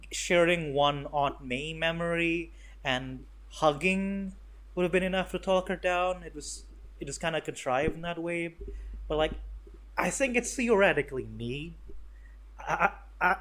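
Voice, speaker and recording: A young man talks through a movie review in a loose, rambling way, swearing freely and stumbling over restarts. His voice sits a little high for a man. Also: fairly bright tone. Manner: rambling, profane, sarcastic, lots of fillers and restarts. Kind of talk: casual spoken review.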